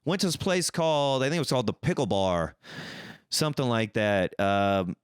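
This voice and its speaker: A man's voice: mid-range voice, normal speed, smooth, dry recording, clean studio sound. A man hosting a podcast, telling a casual story and acting out the dialogue, swearing freely. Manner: animated, acts out quoted dialogue, swears freely. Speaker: podcast host.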